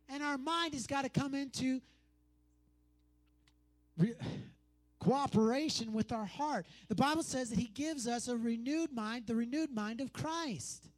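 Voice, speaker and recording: A man preaching a sermon, pressing his points through repetition and conversational asides. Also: extremely high pitch.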